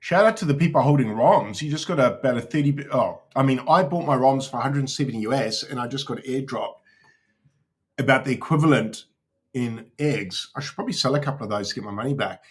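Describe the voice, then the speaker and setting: Man, casual livestream host, swears a lot, chats with viewers, average pitch. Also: brisk. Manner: casual, swears often, talks to chat while browsing.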